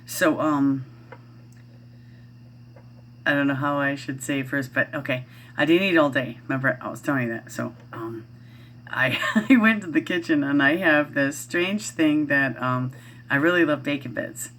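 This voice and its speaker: A woman's voice: rumbling low, moderate pace, fairly bright tone. A middle-aged woman vlogging at home, chatting casually in a rambling way with lots of fillers and restarts. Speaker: parent vlogger. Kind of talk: casual chat to camera.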